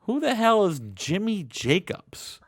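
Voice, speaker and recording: A man's voice: high-pitched, sing-song, takes it slowly, dry recording, studio quality, pitched above the performer's own voice, exaggerated voice. A man doing a scornful veteran wrestler. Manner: scornful, mocking questions. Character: dismissive veteran male wrestler mocking newcomers.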